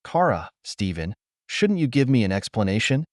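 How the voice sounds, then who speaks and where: A man reading as a betrayed husband who speaks calmly, coldly and with sarcasm in an audio story. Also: fairly low pitch, moderate pace, no echo, studio quality. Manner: calm, cold, sarcastic. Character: cold, betrayed middle-aged husband.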